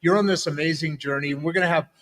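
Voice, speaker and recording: Brief: male talk-show host, higher-pitched, energetic, echoing reverb on the mic. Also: rapid-fire. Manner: upbeat and hyping, repeats phrases. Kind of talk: live interview show hosting.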